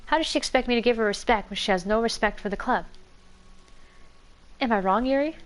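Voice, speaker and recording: A woman's voice: fairly high pitch, brisk, lightly acted. A woman voicing an earnest, uneasy teenage girl who leads a school club. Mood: troubled.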